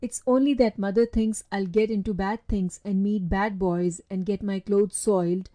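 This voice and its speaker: A woman voicing a timid, gentle young boy who speaks softly and wistfully in a storybook reading. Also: medium pitch, fairly even intonation, moderate pace, close to an everyday voice. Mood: earnest. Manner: soft and wistful.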